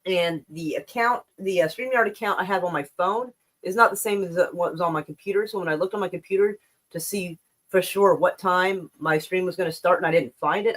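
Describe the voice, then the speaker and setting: A slightly out-of-breath woman hosting a casual livestream, rambling and swearing as she reads and comments on the news. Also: fairly low pitch. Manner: rambling and profane, with many restarts.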